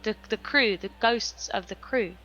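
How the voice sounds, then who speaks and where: A woman's voice: mid-range voice, unhurried, fairly bright tone, highs cut off, soft background music. A woman playing a tabletop game, describing her character's actions hesitantly and thinking aloud. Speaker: player.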